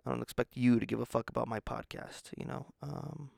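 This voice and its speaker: A man rambles through his solo podcast in a deeply gravelly, fry-laden voice. He sounds tired and self-deprecating, swearing casually as he goes. The mic is close and the sound is dry, with no room in it. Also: fairly even intonation, brisk, a little mellow, no echo. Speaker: podcast host.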